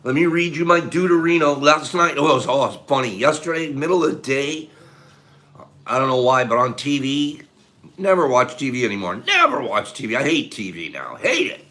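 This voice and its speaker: A man's voice: mid-range voice, big pitch swings, brisk, sharp tone. A man hosting a casual morning chat with viewers, rambling in a sentimental way and chuckling as he goes. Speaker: host of a morning show.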